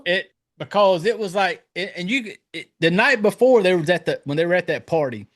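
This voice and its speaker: A man's voice: sits high, brisk. A man hosting a podcast, chatting casually and swearing freely as he tells stories and acts out lines. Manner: profane, animated storytelling with acted-out quotes. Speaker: podcast host. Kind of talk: casual chat.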